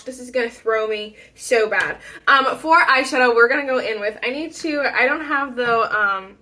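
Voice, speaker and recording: A woman's voice: on the high side, bright, forceful tone. A young woman chatting casually through a makeup tutorial, rambling and self-deprecating, with frequent ums and little laughs. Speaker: beauty YouTuber.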